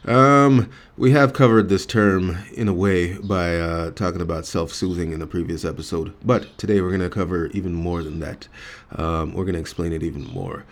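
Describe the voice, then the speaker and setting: A man's voice: deep voice, fairly even intonation, normal speed, few pauses. A man co-hosting a comedy podcast, rambling and joking with lots of fillers and restarts. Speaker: podcast co-host. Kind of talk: casual comedic podcast banter.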